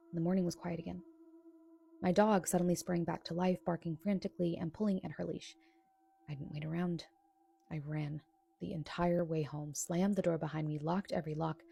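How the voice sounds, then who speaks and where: Woman telling a scary story, really gravelly, kinda dark mellow voice. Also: lowish voice. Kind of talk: scripted narration of a true scary experience.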